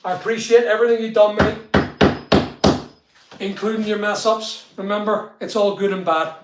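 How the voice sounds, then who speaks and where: A man's voice: sits high, fairly even intonation, normal speed, very noisy. A middle-aged man, chatting casually on a live stream and greeting viewers by name. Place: studio room being built. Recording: echoey unfinished room.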